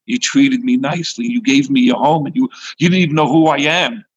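A man voicing a troubled, earnest teenage boy who has been thrown out of his home, in a husky, gravelly voice close to his own. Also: medium pitch, fairly even intonation, a little fast, muffled recording, natural voice. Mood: pleading.

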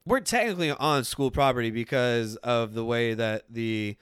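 A man's voice: mid-range voice, normal speed, smooth, no echo, clean studio sound. A young man casually telling a profane story from his life, acting out the voices of people in it. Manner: profane, laid-back, acts out quoted voices.

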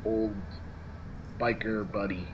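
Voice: medium pitch, slow pace, dull audio, background noise. A podcast co-host in a casual TV recap chat, making sarcastic quips. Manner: wisecracking, animated, sarcastic quips.

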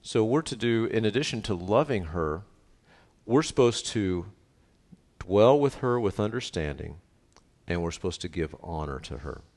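Deep-voiced man preaching in a reverberant hall. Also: normal speed. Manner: lively, conversational preaching with frequent "right?" asides. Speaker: pastor. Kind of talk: sermon.

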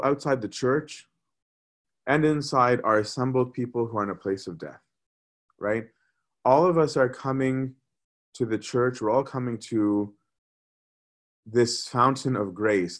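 A man preaches a sermon in a relaxed, conversational way. His voice sits at an ordinary pitch, and he keeps checking in with his listeners. He speaks with lively emphasis. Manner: conversational, animated, often asks "right?".

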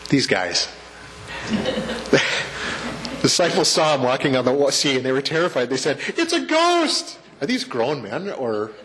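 A man's voice: medium pitch, animated, unhurried, long pauses, fairly bright tone, slight background noise. A man preaching a sermon to his congregation in a church, chatty and joking, asking the room questions. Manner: conversational preacher, asks the congregation questions and jokes. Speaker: pastor. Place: church sanctuary.

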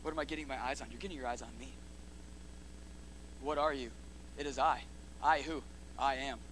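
A man preaching a sermon in slangy, energetic style, building up to loud repeated lines and dropping low again. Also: fairly quick, a little hiss or hum. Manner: builds to shouts in repeated phrases, then drops low. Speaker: pastor.

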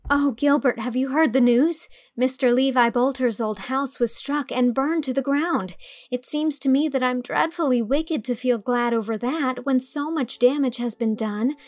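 A woman voicing an eager, lively young woman. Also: high voice, moderate pace, pitched above the performer's own voice, close to an everyday voice.

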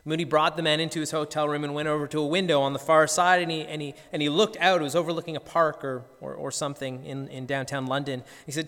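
A man's voice: fairly high pitch, steady tone, fast talker, few pauses, fairly bright tone. A man, a pastor preaching a sermon, telling a story earnestly and often repeating words as he goes. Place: church sanctuary. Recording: long church reverb.

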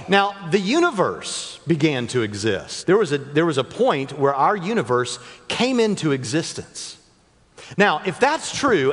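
Guy speaking at church, kinda high voice, jokes around with the crowd, big hall echo. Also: a bit bright. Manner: joking, chatty, speaks directly to the crowd. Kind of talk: apologetics talk to a live church audience. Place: church auditorium stage. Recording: long reverb of a large hall.

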